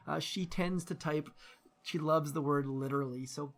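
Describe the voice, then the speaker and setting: A man's voice: a little high, fairly even intonation, moderate pace. A man giving casual live-stream commentary on a game, chatty and rambling, greeting viewers by name and thinking aloud with lots of fillers.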